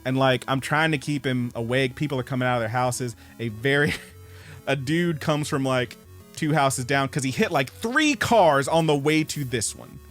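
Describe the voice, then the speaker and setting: A man's voice: mid-range voice, moderate pace, soft background music. A man co-hosting a podcast, telling a story in casual chat, swearing and acting out the people he quotes. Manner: animated storyteller, swears, acts out quoted voices. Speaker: podcast co-host.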